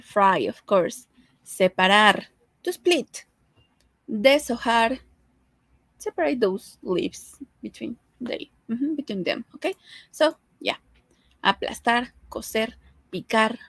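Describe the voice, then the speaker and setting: Young Mexican woman, Spanish teacher, chatty, bilingual, higher voice, dry close sound. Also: fairly bright tone, no echo, low-quality recording. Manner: switches between Spanish and English, chatty with light laughs. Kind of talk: casual language lesson.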